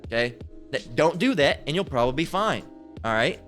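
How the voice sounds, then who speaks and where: A man's voice: fairly high pitch, expressive, moderate pace, fairly bright tone, soft background music. A man preaching over a Bible passage in a crude, profane rant. He stammers, restarts often and keeps asking "right?". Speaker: street preacher.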